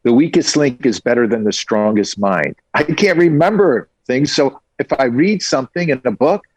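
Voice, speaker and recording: A man's voice: medium pitch, lively intonation, normal speed, a little mellow, slightly rough, no echo. Eager older male interview guest. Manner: enthusiastic storyteller. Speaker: guest, entrepreneur. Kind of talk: conversational interview.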